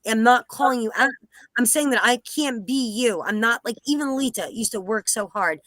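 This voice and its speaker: A woman's voice: on the high side, moderate pace, fairly bright tone, no echo. A woman from New Jersey sharing her own situation in a rambling way, full of fillers and restarts. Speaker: group participant sharing personally. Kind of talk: candid personal sharing.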